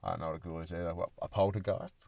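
A man's voice: sits low, little pitch movement, racing, a little mellow, no echo. A man co-hosting a casual podcast, joking and swearing as he chats with a friend. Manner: swearing, joking, slips into mock voices. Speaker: podcast co-host. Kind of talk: casual chat.

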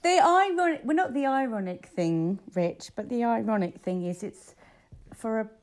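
A woman co-hosting a podcast, chatting excitedly and laughing often. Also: a little high, moderate pace. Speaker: podcast co-host. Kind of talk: casual chat. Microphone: earphones in.

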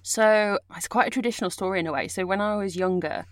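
A woman's voice: medium pitch, fast, no echo, studio quality. A young adult woman chatting casually as a guest, telling her story with lots of fillers. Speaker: guest, audiobook narrator and actor. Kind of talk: casual chat.

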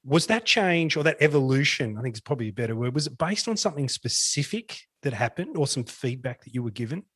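Husky-voiced male interviewer, dry sound. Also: mid-range voice, expressive, fast, fairly bright tone, no echo. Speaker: interviewer, podcast host. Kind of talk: interview questions.

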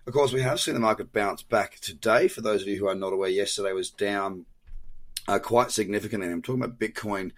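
An Australian man hosting a crypto podcast, chatting loosely through market commentary with fillers and self-corrections, his voice worn from overuse. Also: lowish voice.

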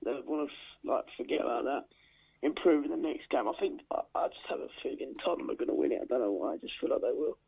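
Man, london accent, phone-in caller, fast, slightly high, phone-line sound. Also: animated, gravelly, slightly rough. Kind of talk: phone-in chat.

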